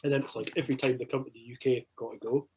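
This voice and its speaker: A Scottish man, a podcast guest, telling an anecdote in casual chat, excitable, swearing a lot and restarting his sentences. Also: mid-range voice, very fast, a little hiss or hum, rough recording.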